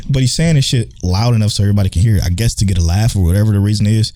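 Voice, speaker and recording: A man co-hosting a podcast in relaxed chat, telling stories with plenty of swearing. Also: on the low side, racing. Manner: laid-back storytelling, swears freely. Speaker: podcast co-host. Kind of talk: casual chat.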